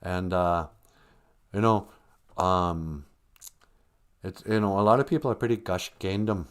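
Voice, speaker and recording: A man's voice: fairly low pitch, unhurried, long pauses, clear, resonant tone. A man hosting a live stream, telling a wandering comedic monologue and laughing at his own jokes.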